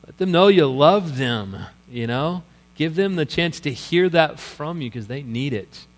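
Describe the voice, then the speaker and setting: A man preaching a sermon as guest pastor, conversational and animated, acting out the scenes he describes. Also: a little high, a little slow. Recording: long church reverb.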